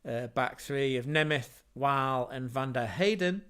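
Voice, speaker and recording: A man's voice: mid-range voice, a little slow, fairly bright tone, smooth. A man hosting a casual football livestream, chatty and rambling, with self-mocking asides. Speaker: football podcast host.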